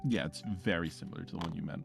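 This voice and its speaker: A man's voice: sits low, rapid-fire, gravelly, faint music behind. A man narrating as game master in a casual, chatty, somewhat hesitant way.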